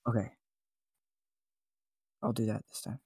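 A man's voice: lowish voice, little pitch movement, a little slow, creaky, a little mellow, slightly rough, dry recording, studio quality. A man hosting a comedy podcast, flustered and stammering through repeated restarts. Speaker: podcast host making prank-style calls. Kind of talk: comedic improvised podcast bit.

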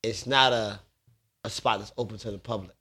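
A man's voice: lowish voice, steady tone, normal speed, sharp tone. A man, telling stories in a laid-back, streetwise way in a podcast studio. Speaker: bar owner guest. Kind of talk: casual storytelling.

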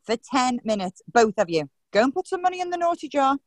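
A woman as a bossy office manager with a high, lively voice. She scolds briskly, and the recording is dry. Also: no echo. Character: bossy female production manager.

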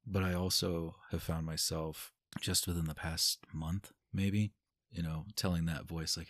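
A man with a very low, husky voice talks openly in a relaxed podcast chat. He swears freely and breaks into laughter often. The sound is dry and close. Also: measured pace, no echo. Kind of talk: casual podcast conversation.

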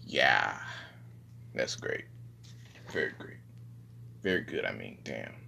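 A young man, rambling casually and profanely in a low-key, self-deprecating way. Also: sing-song, takes it slowly, creaky, bright, forceful tone, a little hiss or hum. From Southern United States. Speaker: vlogger.

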